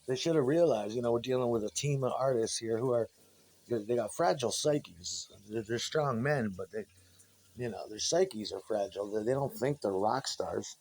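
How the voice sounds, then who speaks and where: A man's voice: mid-range voice, moderate pace, darkish tone, a little hiss or hum. Rambling, cursing man telling stories. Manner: meandering, profane, frequent restarts. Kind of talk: rambling casual monologue.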